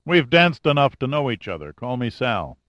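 A man's voice: medium pitch, big pitch swings, normal speed, fairly bright tone, dry recording, dull audio. A man reading an audiobook, voicing an easygoing male private investigator with a matter-of-fact manner. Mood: friendly.

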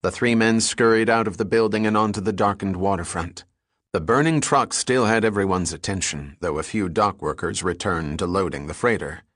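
Low-voiced man narrating an adventure story. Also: no echo, studio quality. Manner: steady storytelling delivery. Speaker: audiobook narrator. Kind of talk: scripted narration.

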